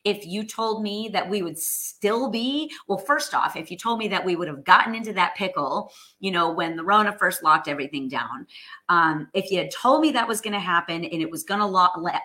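A woman's voice: lowish voice, normal speed, sharp tone. A woman, hosting a casual live stream, chatting with viewers, greeting them by name and filling in with lots of ums and restarts. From New York. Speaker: host of live stream, sales coach.

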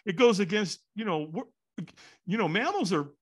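Man, podcast guest, storytelling, slightly high voice, very lively pitch, acts out quotes. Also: moderate pace, breathy edge. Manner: animated, acts out quotes with sudden shouts.

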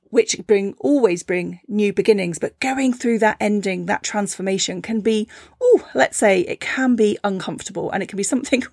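A woman hosting a reflective teaching talk, gentle and encouraging, with a playful storytelling manner. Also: a little high, gravelly, dry recording, studio quality. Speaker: podcast host and spiritual teacher.

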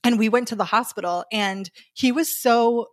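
A woman's voice: fairly high pitch, moderate pace, no room sound, studio quality. A woman in her thirties in a casual podcast chat, speaking reflectively and loosely with many fillers.

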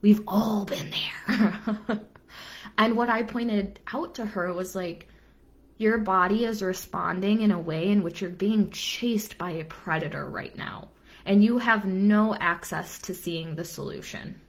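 Casting note: young woman coach, earnest and lively, mid-pitched voice, repeats lines for emphasis. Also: measured pace. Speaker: business coach. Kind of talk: live-stream coaching talk.

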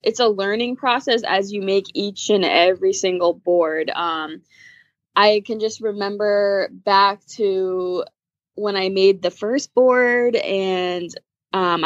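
A woman's voice: medium pitch, no echo. Earnest woman guest on a dull call line. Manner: chatty and earnest, soft laughs. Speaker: guest, small business owner. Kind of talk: casual interview chat. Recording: dull, dry remote call audio.

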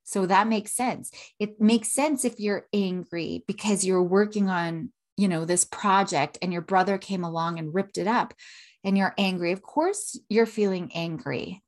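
Podcast host, woman, 30s, chatty and expressive, acts out little quotes, mid-pitched voice. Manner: animated, acts out emotions and quotes with tag questions. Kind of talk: casual teaching monologue.

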